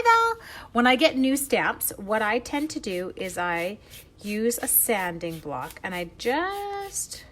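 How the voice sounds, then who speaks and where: A woman's voice: mid-range voice, fairly bright tone, a little hiss or hum. A middle-aged woman chatting through a live stamping demonstration, greeting viewers by name with playful asides. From Canada. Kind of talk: live-stream crafting demo.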